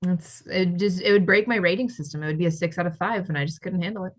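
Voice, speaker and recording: A woman's voice: on the low side, fast. A young woman co-hosting a podcast, casually telling stories in a bubbly, giggly way. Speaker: podcast co-host. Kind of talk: casual chat.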